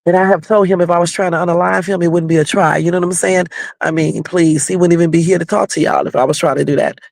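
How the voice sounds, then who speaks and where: Woman, livestream host, gravelly voice, dry close sound, blunt, confrontational. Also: lowish voice, fairly even intonation, quick pace, a little mellow, dry recording. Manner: blunt, confrontational, addresses viewers directly. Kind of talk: livestream rant to viewers. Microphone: home livestream setup.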